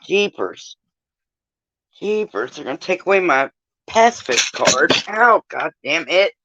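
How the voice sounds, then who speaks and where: A woman's voice: lowish voice, lively intonation, moderate pace, background noise. A woman talking casually to her stream viewers while in pain, groaning and swearing often as she moves around. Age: older. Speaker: vlogger. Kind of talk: casual live-stream chat.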